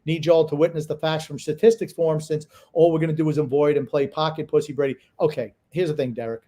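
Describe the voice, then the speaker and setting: A man with a slightly higher-than-usual voice talks sports on a casual podcast. He is blunt and opinionated, swears freely and argues his points hard. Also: fairly even intonation, quick pace, mellow. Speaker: podcast co-host.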